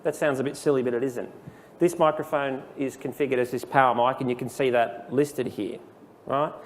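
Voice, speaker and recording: Man giving a relaxed training talk. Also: medium pitch, normal speed, big-room sound, a little hiss or hum. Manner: casual and explanatory, with fillers. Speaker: software trainer. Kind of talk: live training presentation. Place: presentation room with an audience. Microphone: handheld dictation microphone.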